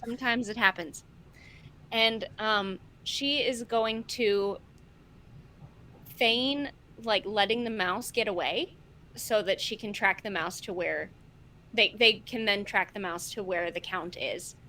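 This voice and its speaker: A woman playing a tabletop game, quick and playful as she explains her character's moves. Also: medium pitch, pushed and bright, slight background noise. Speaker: player. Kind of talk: casual tabletop play.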